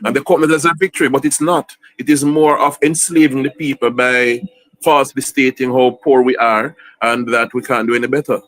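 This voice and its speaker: A man's voice: mid-range voice, steady tone, brisk, a bit bright, dry recording, low-quality recording. Earnest man criticizing policy. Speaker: panel guest. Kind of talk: political discussion.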